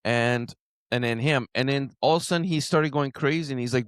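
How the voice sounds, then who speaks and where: A man hosting a podcast, talking casually and telling an animated story, often saying "man" and "like". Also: medium pitch, normal speed, clear, resonant tone, dry recording. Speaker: podcast host.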